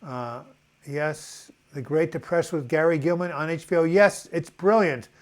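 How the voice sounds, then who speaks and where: A man's voice: fairly high pitch, normal speed. An older man hosting a casual live video chat, reading out viewer comments in a loose, rambling way with many fillers.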